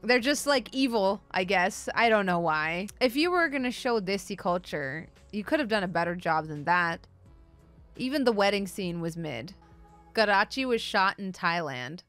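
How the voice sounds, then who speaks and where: Woman streamer, bright edgy voice, rambling profane sarcastic rant, casual commentary, faint music underneath. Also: medium pitch, animated, normal speed. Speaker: streamer host.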